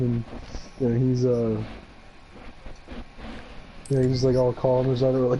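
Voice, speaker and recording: A young man talks loosely over a card game at home, his speech packed with "like" and "you know" and broken by frequent laughs. His pitch sits at an ordinary middle level for a man. A faint hiss of noise runs under the recording. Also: monotone, measured pace, pauses often, mellow, highs cut off. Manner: rambling, lots of "like" and "you know", laughs often. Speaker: gamer playing poker in a video game. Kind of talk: casual chat while gaming.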